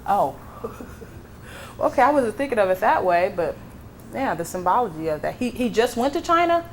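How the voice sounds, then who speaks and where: A woman medium giving a live reading to an audience member at an expo, reassuring and emphatic, with breathy exclamations. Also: medium pitch, sing-song, moderate pace, a little hiss or hum. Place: expo hall.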